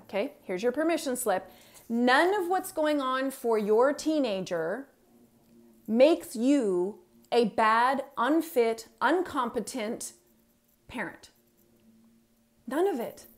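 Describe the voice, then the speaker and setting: A middle-aged woman with a fairly high voice delivers a motivational stage talk as a parenting coach. She speaks straight to the audience, leans hard on her key points, and says them again for emphasis.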